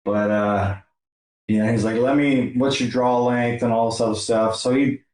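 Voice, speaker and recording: A male podcast host chatting casually and telling a story in a relaxed, filler-heavy way. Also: mid-range voice, moderate pace. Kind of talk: casual conversation. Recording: echoey room.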